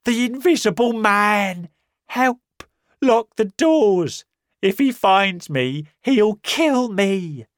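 A man voicing a short, stout, terrified man who shouts in panic, his voice high and shrill. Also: animated, extremely slow, no echo, clean studio sound, exaggerated voice. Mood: panicked.

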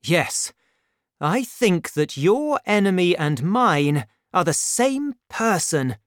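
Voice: mid-range voice, very animated, slow pace, no echo, studio quality, voice pushed up. A reader voicing a brave young male swordsman in a storybook, with a raised, eager, heroic delivery. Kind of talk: storybook reading.

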